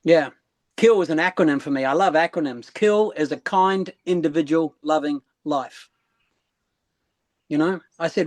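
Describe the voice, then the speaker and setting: A man's voice: fairly high pitch, normal speed, dry recording. A man, a guest speaker, telling stories in a casual interview and acting out voices as he goes. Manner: animated, acts out voices, repeats phrases.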